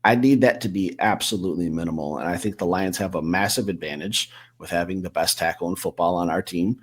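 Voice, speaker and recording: A man's voice: sits low, a little fast, breathy edge. A man co-hosting a casual sports podcast, rambling through football predictions with a few self-corrections. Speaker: co-host.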